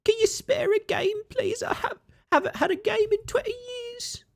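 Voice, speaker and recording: A squeaky Victorian street urchin. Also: male voice, moderate pace, creaky. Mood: pleading. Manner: high squeaky begging whine. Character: starving Victorian street urchin, forty-five yet tiny, pleading.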